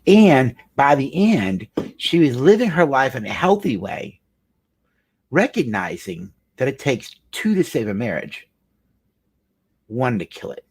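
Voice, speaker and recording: Husky-voiced male counselor telling a story. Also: mid-range voice, sing-song, a little slow, darkish tone. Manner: earnest, emphatic storytelling with repetition. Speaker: marriage counselor. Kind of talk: storytelling talk.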